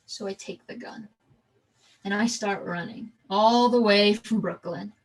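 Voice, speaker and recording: A woman performing a theatrical storytelling monologue, halting with frequent restarts and repeated words. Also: medium pitch, low-quality recording. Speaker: stage performer.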